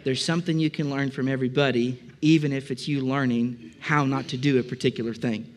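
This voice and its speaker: A male pastor delivers a conversational sermon with a mid-pitched voice. He speaks plainly and rambles a little, with frequent "uh" fillers and friendly asides to the people in front of him. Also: steady tone, brisk. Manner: conversational, many filler "uh"s, addresses congregation directly.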